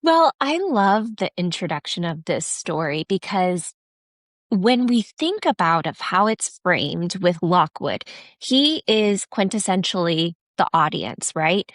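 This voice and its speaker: A woman's voice: lowish voice, big pitch swings, takes it slowly, dry recording, clean studio sound. A woman co-hosting a podcast, talking through her reading of a novel in a thoughtful, explanatory way. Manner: thoughtful, explaining things at an easy pace. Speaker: podcast co-host. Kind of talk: casual book discussion.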